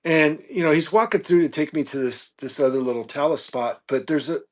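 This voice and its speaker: A man guest on a podcast, telling a casual story with animated peaks and frequent fillers. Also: fairly high pitch, a little fast. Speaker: podcast guest, reptile keeper.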